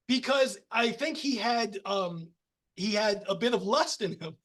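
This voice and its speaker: High-voiced man telling rambling stories. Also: unhurried. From United States. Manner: animated, rambling with many restarts and laughs. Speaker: podcast guest. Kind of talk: casual storytelling conversation.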